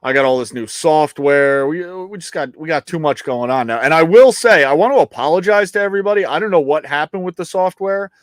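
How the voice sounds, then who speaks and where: A man's voice: on the high side, animated, fairly quick, hardly any pauses, dry recording. A man co-hosting and producing a live outdoors show, rambling casually, joking and swearing with frequent restarts. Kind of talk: casual live-stream chat. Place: New York.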